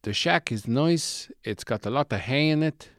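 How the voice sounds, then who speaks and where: A man's voice: mid-range voice, expressive, normal speed, a bit bright, no echo, clean studio sound, voice pushed up, lightly acted. A man voicing a deluded, gloomy man who lives in a shed, rambling in a meandering, self-pitying yet chirpy way.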